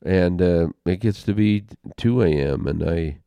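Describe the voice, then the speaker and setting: An older man telling a personal story as an interview guest, halting and heartfelt, with pauses and restarts. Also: sits low, vocal fry, dark tone, smooth, no room sound.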